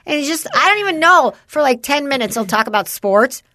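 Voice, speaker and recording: A woman's voice: high voice, expressive, a little fast, pushed and bright, dry recording, studio quality. A woman in casual chat with a friend, rambling through a story about her son and acting out what people said. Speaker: parent chatting with a friend.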